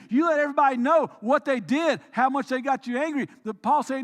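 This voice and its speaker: A man with a very high voice preaches from the pulpit. He drops into quiet, reflective passages, then rises into emphatic, pressing exhortation. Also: a little fast, hardly any pauses. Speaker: pastor. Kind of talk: sermon. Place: church.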